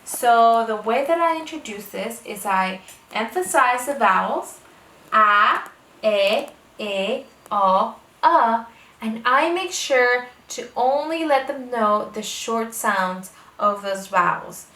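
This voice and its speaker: Here a homeschooling parent explains to the camera how she teaches reading, pacing herself slowly and drawing out every letter sound on purpose. Her pitch sits on the high side, with lively intonation and a slightly bright quality, recorded in an echoey room with the mic set back.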